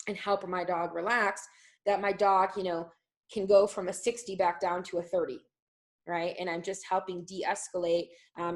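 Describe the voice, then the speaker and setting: Woman dog trainer, fairly low voice, loose explanatory delivery, lots of fillers. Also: rough recording. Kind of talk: live online training class.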